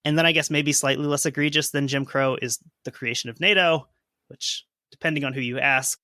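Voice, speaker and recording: A man's voice: medium pitch, fairly even intonation, brisk, pushed and bright, dry recording. A man co-hosting a history podcast, reading old news quotes aloud and adding dry jokes. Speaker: podcast co-host. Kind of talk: history podcast narration and chat.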